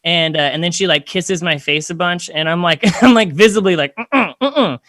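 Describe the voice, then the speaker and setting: A man's voice: fairly high pitch, a little fast, fairly bright tone, no echo, studio quality. A young man telling a comedy story in a casual, rambling, self-deprecating way, full of fillers.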